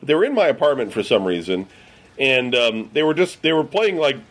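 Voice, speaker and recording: A man's voice: mid-range voice, big pitch swings, brisk. A man from the US Midwest telling a rambling, profane story among friends, full of fillers. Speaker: podcast regular.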